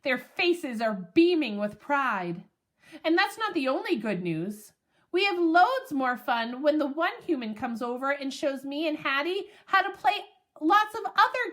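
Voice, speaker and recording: A woman narrating a children's storybook in an expressive, playful way. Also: sits high. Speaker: audiobook narrator.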